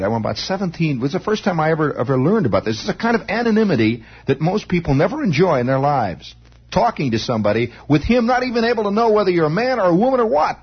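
A man's voice: fairly high pitch, slightly rough. A man telling a long, wry, meandering story in a monologue. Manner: wry, meandering, animated, rising excitement as story builds. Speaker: radio monologist. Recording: dull lo-fi old broadcast recording.

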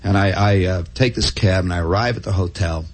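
A man's voice: low-pitched, a little fast, a little hiss or hum. A man telling a long, rambling first-person story in a wry, conversational way, with many restarts and asides.

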